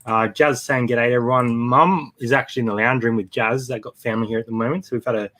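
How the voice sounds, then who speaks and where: A man's voice: medium pitch, steady tone, fast, fairly bright tone. An Australian man co-hosting a live stream, chatting casually and reading out names from the chat. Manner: laid-back, reads out chat names. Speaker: co-host of a live reselling show.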